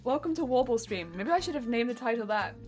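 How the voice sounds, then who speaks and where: A woman craft streamer chatting casually on a live stream while hoarse, her wheezy voice cracking as she talks. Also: on the high side, lively intonation, fast talker, darkish tone, faint music behind.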